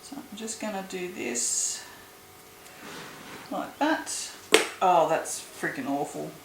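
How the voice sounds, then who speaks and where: At home making soap, a woman chats casually, then groans and curses in disgust at a smell. Her voice sits fairly low and sounds animated, and she speaks slowly. The room is echoey and noisy.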